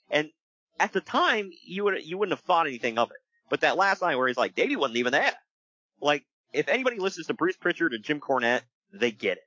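Male podcast host, animated storyteller with a bright, dry close sound. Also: fairly high pitch, no room sound, lo-fi sound. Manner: animated storyteller, laughs often, breaks into voices. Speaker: podcast host recapping wrestling. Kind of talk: casual chat.

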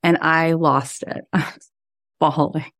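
A woman's voice: deep voice, steady tone, takes it slowly, fairly bright tone, dry recording, studio quality. A middle-aged woman, a life coach and podcast host, telling a personal story in a chatty, heartfelt way, with many "like" fillers.

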